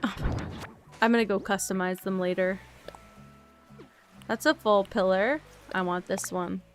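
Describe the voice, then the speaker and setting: Tired woman, relaxed streamer chat, soft-spoken, rambling, thinking out loud, mid-pitched voice, faint music behind. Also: unhurried. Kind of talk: relaxed casual chat while playing a game.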